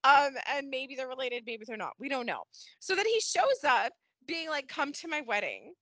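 A woman co-hosting a podcast in casual chat, animated and laughing, acting out characters' lines. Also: sits high, moderate pace, no room sound. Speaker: podcast co-host. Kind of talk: casual chat recapping a soap opera.

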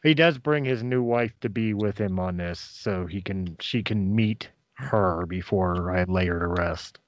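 A man's voice: low-pitched, unhurried, dry recording. Man player on dry, muffled audio. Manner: restarting, searching for words. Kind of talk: casual game table chat.

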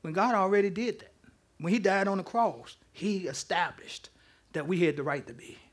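At an ordinary pace, a pastor with a high voice gives an interactive sermon in church. He keeps the tone informal and conversational while making his case, teasing the congregation between his points.

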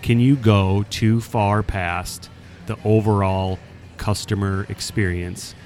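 Low-voiced man telling a story. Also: takes it slowly, soft background music. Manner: animated storyteller, acts out quoted voices. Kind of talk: casual storytelling chat.

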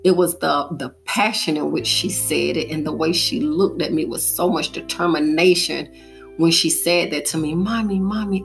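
A young woman with a notably low voice gives a heartfelt motivational monologue as a podcast host. She tells her story earnestly, and faint music plays softly underneath.

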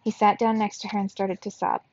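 A woman reading a children's novel aloud for a book club, telling the story in a steady, expressive way. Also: mid-range voice, fairly quick, no room sound, lo-fi sound.

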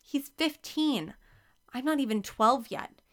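A woman's voice: high voice, lively intonation, slow, fairly bright tone, voice pushed up, exaggerated voice. A woman voicing a lovestruck, determined eleven-year-old girl, earnest and wistful.

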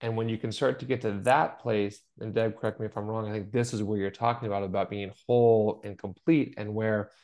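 A middle-aged man with a fairly low voice talks in an open, earnest way on a podcast. He tells stories from his own life and acts out what other people said to him. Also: fairly even intonation, brisk, hardly any pauses, a little mellow, muffled recording. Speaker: podcast co-host. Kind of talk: conversational podcast chat.

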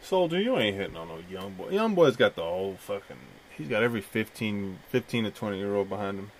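A man's voice: on the low side, expressive, quick pace, a little hiss or hum. A man hosting a podcast in a casual, joking, profane way. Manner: laid-back, profane, joking. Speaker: podcast host.

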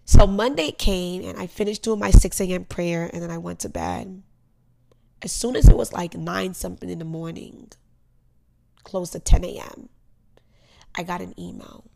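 A young woman hosting a podcast talks earnestly through a personal struggle, her low voice carrying a gravelly edge. She swings between loud, emphatic bursts and hushed asides as she tells her story. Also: lively intonation, normal speed. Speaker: podcast host. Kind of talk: personal motivational monologue.

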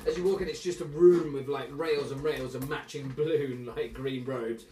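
A man's voice: medium pitch, fairly even intonation, moderate pace, dark tone, a little hiss or hum. A man running a tabletop game as game master, casual and laughing, with many fillers. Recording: roomy, distant mic, chatter nearby.

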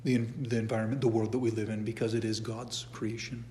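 A man's voice: lowish voice, little pitch movement, fast talker, warm tone, a little hiss or hum. A middle-aged man teaching a church catechism class in a conversational way, often restarting his sentences and adding asides. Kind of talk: informal church class lecture. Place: church hall. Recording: long echo of a church hall.

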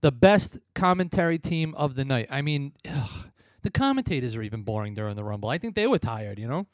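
A man's voice: medium pitch, expressive, fairly quick, no room sound, studio quality. A man co-hosting a casual wrestling chat, rambling and blunt, often laughing at his own remarks. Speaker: podcast co-host.

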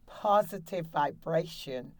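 A woman's voice: deep voice, expressive, slow pace, darkish tone, no echo. A woman hosting a laughter exercise show from a studio, guiding breathing and cheering listeners on in an upbeat way. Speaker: laughter yoga coach and show host.

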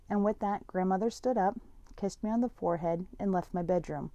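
A woman narrating a first-person story in a steady, earnest tone. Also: mid-range voice, a little fast, no echo, dull audio.

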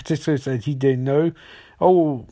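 A man's voice: medium pitch, fairly even intonation, measured pace, dark tone. A man casually retelling a TV episode, rambling, swearing and throwing in comic asides. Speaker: recapper.

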